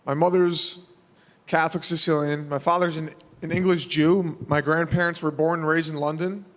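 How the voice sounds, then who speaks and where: A man's voice: a little high, steady tone, normal speed, long reverb tail. A man, answering press questions in a casual, rambling way full of fillers. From New York. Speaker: fighter.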